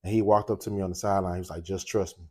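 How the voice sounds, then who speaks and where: Laid-back storytelling man, lower voice. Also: rapid-fire. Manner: animated, laughing, voices quoted people. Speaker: cooking show host. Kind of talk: casual storytelling.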